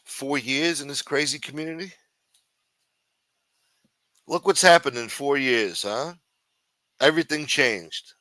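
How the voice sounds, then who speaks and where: A man's voice: medium pitch, a little slow, long pauses, pushed and bright, no room sound. Male host, casual livestream chat, teasing and profane, dry close sound. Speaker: show host.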